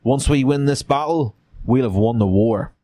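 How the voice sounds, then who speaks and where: A calm, persuasive Confederate officer with a soft, slow Southern drawl, as a man puts him on. He coaxes rather than barks. It's a character voice in a gamebook read-aloud. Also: mid-range voice, no room sound, natural voice. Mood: confident. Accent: Southern US, put on.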